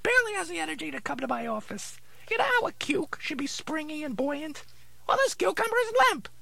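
Squeaky, gravelly, cranky dummy therapist. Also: male voice, big pitch swings, brisk, pushed and bright, no echo, heavily acted. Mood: deadpan. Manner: gruff, impatient and sarcastic. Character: cranky male dummy posing as vegetable therapist. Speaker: ventriloquist's dummy. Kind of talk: ventriloquist comedy routine.

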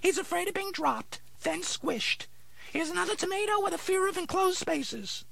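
A very high, gravelly little voice belongs to a cranky male dummy who plays a vegetable therapist. He is bright and sharp in tone and swoops all over in pitch. He talks back gruffly and sarcastically in a ventriloquist comedy routine. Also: animated, normal speed, heavily acted. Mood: snappish.

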